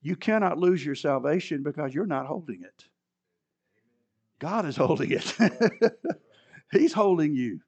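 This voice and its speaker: A man preaching a sermon in a church, moving between loud emphatic repetition and low conversational asides. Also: big pitch swings, measured pace, long pauses. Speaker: pastor.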